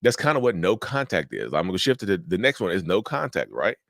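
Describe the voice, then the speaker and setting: A man's voice: low-pitched, very animated, fast talker, creaky, a bit bright, no room sound, clean studio sound. A man hosting a mental health channel, giving casual, repetitive advice straight to viewers. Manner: direct, repetitive, addresses viewers as y'all.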